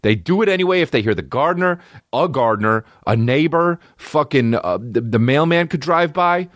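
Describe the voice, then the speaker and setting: A man hosting a podcast in casual chat, rambling and swearing a lot, with big jumps in pitch. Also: dry recording, clean studio sound. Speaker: podcast host. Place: home studio with barking dogs nearby.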